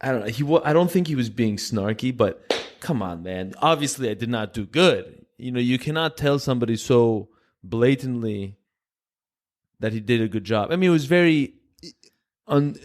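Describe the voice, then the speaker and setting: A man's voice: mid-range voice, moderate pace. Greek man telling a story. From Greece. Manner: animated storyteller, acts out quoted voices. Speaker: guest. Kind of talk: casual storytelling chat.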